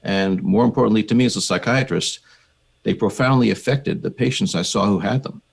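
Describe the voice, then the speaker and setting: An older man with an American accent, a psychiatrist being interviewed on a podcast, telling his story in a measured, reflective way. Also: lowish voice, creaky, husky. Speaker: psychiatrist and researcher, guest.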